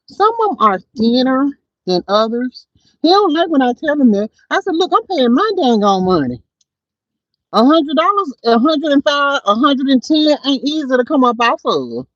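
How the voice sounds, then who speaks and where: A woman hosting a casual livestream from her car, chatting and telling stories to viewers in an animated way. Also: high-pitched, moderate pace, no echo, dull audio. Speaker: livestream host. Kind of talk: casual livestream chat while driving. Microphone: phone.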